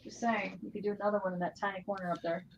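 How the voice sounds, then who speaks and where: A woman's voice: medium pitch, little pitch movement, rapid-fire, lo-fi sound. A woman chatting casually with friends, teasing and swearing. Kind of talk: casual chat.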